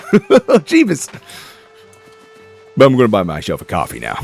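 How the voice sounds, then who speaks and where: A man giving casual, excitable commentary while playing a game, joking and talking to himself and the game. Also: medium pitch, vocal fry. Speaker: gameplay streamer.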